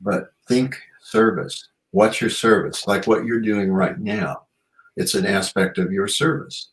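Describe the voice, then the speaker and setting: With a lowish voice, fairly even intonation, and a measured pace, a male author and shamanic practitioner reflects earnestly as an interview guest, often filling with "you know." The recording quality is low.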